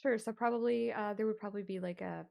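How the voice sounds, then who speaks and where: A woman's voice: mid-range voice, steady tone, fast, creaky, warm tone. Hesitant woman game master. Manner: hesitant, with many fillers. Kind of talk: narrating a tabletop game.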